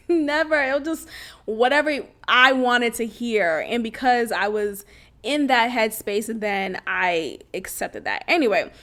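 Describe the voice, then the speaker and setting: A woman's voice: high voice, fairly bright tone. A young woman hosting a podcast, telling a personal story in a blunt, casual way with slang and frequent laughter. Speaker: podcast host.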